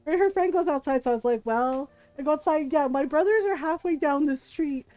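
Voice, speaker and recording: A woman's voice: high voice, fast talker, darkish tone, no echo, rough recording. A woman streamer telling a family story in casual chat, laughing often and acting out the people she quotes.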